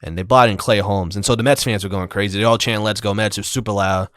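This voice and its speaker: A man with a fairly low voice and a quick, animated way of talking, co-hosting a podcast in casual chat. He acts out the quoted exchanges as he tells his stories. The sound is close and dry. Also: dry recording. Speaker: podcast co-host.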